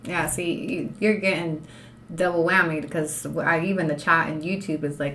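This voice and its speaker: A woman's voice: on the low side, animated, a little fast, slight background noise. Blunt, profane woman ranting live. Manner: blunt and profane, talks straight to chat; slips into Spanish phrases. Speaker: livestream host and law student. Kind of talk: unscripted live-stream rant.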